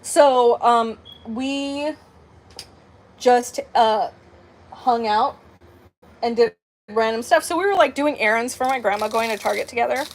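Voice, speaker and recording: A crafting channel host, a woman in her late twenties with a slightly high voice, tells a personal story in casual, rambling chat, full of "like" and "um" and animated quoted dialogue. She keeps a measured pace with long pauses.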